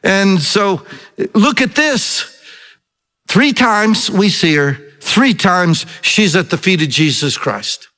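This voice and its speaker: A man's voice: high voice, lively intonation, slow, bright, forceful tone, long reverb tail. A male pastor preaching a sermon, earnest and emphatic, often asking the congregation questions.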